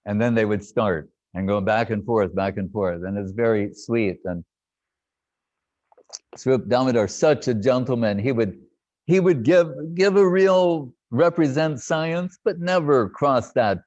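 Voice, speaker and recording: An older man reminiscing in a lively storytelling talk, laughing and acting out what others said. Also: medium pitch, a little slow, no room sound. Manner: animated, laughing, acts out quotes. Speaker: devotee recounting memories. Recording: dull lo-fi dry sound.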